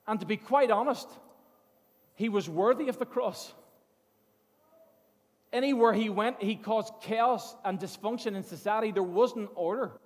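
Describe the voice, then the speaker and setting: A man's voice: high-pitched, measured pace, long pauses. A man preaching a sermon, telling the story earnestly and often repeating his words as he goes. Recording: long hall reverb.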